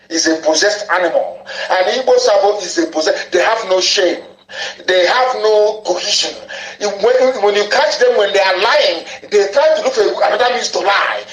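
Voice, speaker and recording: Man, high pitch, fiery insulting political broadcast, echoey room.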